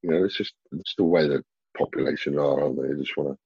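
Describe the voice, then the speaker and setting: A man's voice: extremely low pitch, quick pace, creaky, slightly rough, no room sound, dull audio. A man talking as a bodybuilder guest in a casual interview, blunt and swearing freely.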